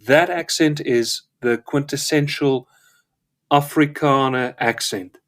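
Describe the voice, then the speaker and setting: A man's voice: medium pitch, takes it slowly, a bit bright. South African man with British diction. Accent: British-educated English, not South African. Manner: rambling, wry storyteller. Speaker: guest. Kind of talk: casual live chat.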